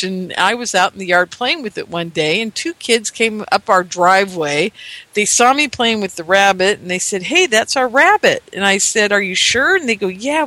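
Man, fifties, high pitch, rambling animated storytelling, dry recording. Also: no room sound. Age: 50s. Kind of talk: storytelling monologue.

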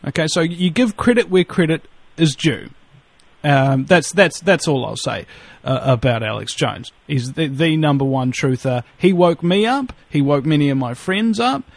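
A man with a New Zealand accent rambles and jokes on a radio chat, swearing freely and stumbling over restarts. His voice sits a little high for a man. The sound is close and dry, with no room around it. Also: dry recording. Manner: rambling, profane, joking, many restarts. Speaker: radio guest.

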